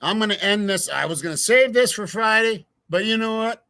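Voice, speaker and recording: A man's voice: sits high, a little fast, bright, forceful tone, no echo. A man hosting a true crime livestream, ranting in a heated, profane way to his viewers. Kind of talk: casual livestream commentary.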